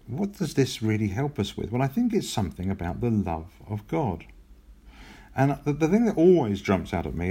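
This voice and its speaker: Male preacher, low gravelly voice, earnest and gentle, emphatic pauses. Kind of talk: sermon.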